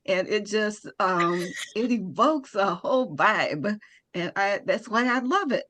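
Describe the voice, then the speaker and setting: A woman with a medium-pitched voice speaking on a video call during an online workshop. She talks with enthusiasm, stopping now and then to gather her thoughts. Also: expressive. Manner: warm, enthusiastic, a little halting. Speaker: workshop participant from a nonprofit.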